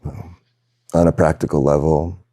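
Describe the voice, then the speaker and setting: A man giving a satsang talk as a spiritual teacher, speaking slowly and reflectively with pauses and soft laughs. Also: extremely low pitch, level tone, slightly rough, dry recording, clean studio sound. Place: video call session.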